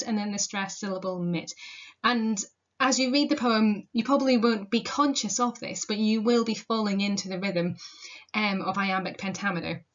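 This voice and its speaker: A woman's voice: medium pitch, muffled recording. A woman teacher explaining a poem in a recorded lesson, posing questions to her students as she goes. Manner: explanatory, asks rhetorical questions, casual fillers. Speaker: literature teacher.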